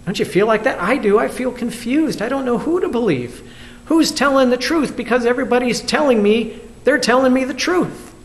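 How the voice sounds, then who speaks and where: Male pastor, high voice, reflective video sermon, asks the viewers questions. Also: expressive, moderate pace. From United States. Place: church.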